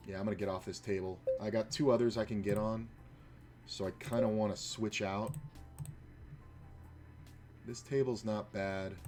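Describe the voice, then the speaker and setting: A man with a fairly low voice tells long, wandering stories about his dealing days while he plays online poker. His talk is loose and profane, padded with lots of "uh" and "like". A faint hiss sits under the recording. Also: darkish tone. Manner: rambling, profane, full of fillers. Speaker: poker player and former casino dealer. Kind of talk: casual storytelling while playing online poker.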